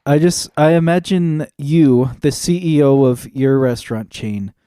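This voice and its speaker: A man co-hosting a podcast, building comic scenes in a deadpan, vivid way. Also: mid-range voice, unhurried, smooth, no echo, studio quality. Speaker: podcast co-host. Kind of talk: casual comedic chat.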